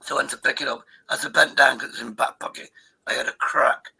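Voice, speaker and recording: A man's voice: mid-range voice, fairly even intonation, fast talker, gravelly, sharp tone, slightly rough, low-quality recording. A man, hosting a livestream and telling rambling, sweary stories over a video call. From Derbyshire, England. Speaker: livestream host. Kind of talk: casual chat.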